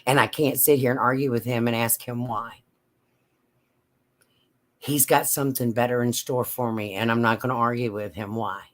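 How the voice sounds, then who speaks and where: A woman telling a personal story in a slow, halting, emotional way. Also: extremely low pitch, fairly even intonation. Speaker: vlogger.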